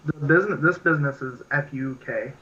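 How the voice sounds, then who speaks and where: A man's voice: medium pitch, brisk, sharp tone, muffled recording. A young man co-hosting a podcast in casual chat, rambling and laughing with lots of filler words. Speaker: podcast co-host.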